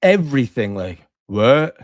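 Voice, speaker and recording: A middle-aged man with a medium-pitched voice speaks a little slowly, with no room sound in the recording. He's a podcast co-host in casual, story-driven chat, animatedly acting out quotes and swearing freely.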